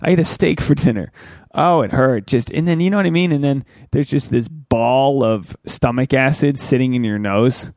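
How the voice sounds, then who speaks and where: Man in his thirties, podcast host, gravelly voice, crude rambling monologue, dry close mic. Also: moderate pace, dry recording. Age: 30s. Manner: crude, rambling and animated, with loud pitch jumps.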